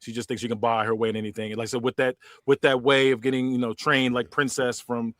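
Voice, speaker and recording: A man's voice: mid-range voice, quick pace, no room sound, studio quality. A man hosting a podcast, chatting casually and narrating a made-up wrestling show. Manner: relaxed, chatty, many fillers. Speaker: podcast host. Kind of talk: casual chat and story narration.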